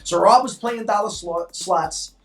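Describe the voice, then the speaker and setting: High-voiced older man telling stories. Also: measured pace, soft background music. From New York. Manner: animated, acts out quoted voices. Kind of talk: casual storytelling. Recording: echoey room, mic at a distance.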